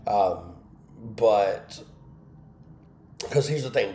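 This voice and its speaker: Man, low-pitched, candid and emotional, tells his own story on a livestream in an echoey room. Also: unhurried, long pauses, darkish tone, a little hiss or hum. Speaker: host of an online Bible study. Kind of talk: personal testimony on a livestream.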